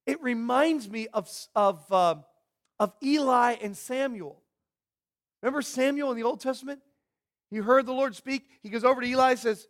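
A man preaching a sermon, swinging from hushed, almost whispered lines to loud, emphatic bursts. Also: very high voice, moderate pace. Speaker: pastor.

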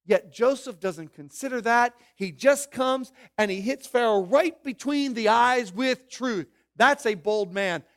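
High-pitched preaching man, emphatic. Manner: emphatic preaching, swinging from loud slow declarations to quiet low asides. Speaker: pastor. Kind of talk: sermon.

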